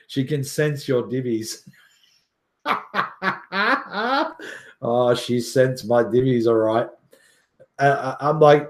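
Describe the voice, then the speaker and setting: A joking, boastful man chats on his livestream, laughing often and swearing. His voice sits fairly high and he talks at a slow, unhurried pace. The sound bounces around an echoey room. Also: very animated, darkish tone. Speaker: livestream host. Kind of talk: casual livestream chat.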